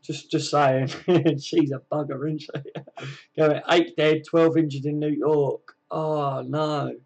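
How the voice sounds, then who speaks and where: A man's voice: on the high side, flat delivery, slow pace, creaky, darkish tone. Chatty man hosting a livestream. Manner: chatty, friendly, lots of fillers and "mate". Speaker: livestream host. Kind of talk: casual livestream chat, reading viewer comments. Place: at home.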